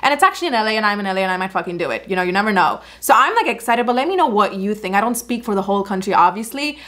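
A woman's voice: mid-range voice, lively intonation, rapid-fire, a bit bright. A woman in her twenties reacting to videos in a casual vlog, chatty and swearing, full of filler words. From India.

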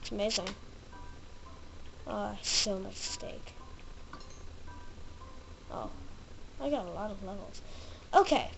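Excitable, lively woman gaming. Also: medium pitch, takes it slowly, vocal fry, pauses often, background noise. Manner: excitable, easily frightened, chatters to the game animals. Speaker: let's play host. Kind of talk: casual gameplay commentary.

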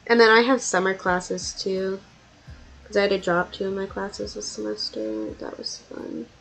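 A woman's voice: medium pitch, sing-song, normal speed, a bit bright, poor audio. A young woman streamer chatting casually with her viewers as she draws, laughing often and poking fun at herself. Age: young adult. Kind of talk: casual chat while drawing.

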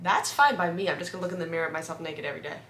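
A woman's voice: low-pitched, rapid-fire, a bit bright, a little hiss or hum. A young woman co-hosting a couple's channel, chatting playfully and giggling as she reads comments aloud. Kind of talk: casual chat, reading comments aloud. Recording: echoey room.

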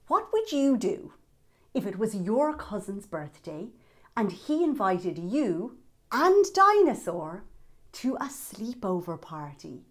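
Woman reading a kids picture book, slow and really animated, chatty questions to the kids. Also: mid-range voice. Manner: lively, asks the listener questions. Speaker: children's storyteller.

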